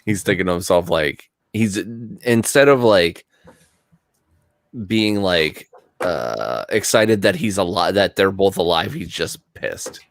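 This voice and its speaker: A man's voice: sits low, expressive, takes it slowly, vocal fry, dry recording. A man playing a tabletop game, mumbling and hesitant as he describes his character. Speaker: player.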